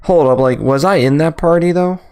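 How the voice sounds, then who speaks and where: A man's voice: on the high side, fairly quick, a little mellow, smooth. A young man co-hosting a casual podcast chat, laid-back and laughing often.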